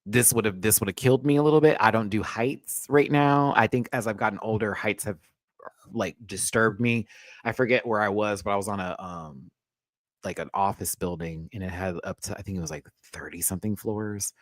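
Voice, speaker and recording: A man's voice: fairly low pitch, fairly quick, no echo. A man hosting a casual pop culture rant show, chatty, sassy and profane, full of asides.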